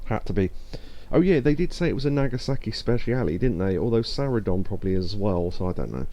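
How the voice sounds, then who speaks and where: A man chats his way through a video game stream, reading out chat and making fun of himself. His voice sits on the low side and sounds warm and mellow. A faint hiss runs under the recording. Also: animated, quick pace, hardly any pauses, highs cut off. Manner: chatty, self-deprecating, reads chat aloud. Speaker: gaming streamer. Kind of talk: casual let's play commentary.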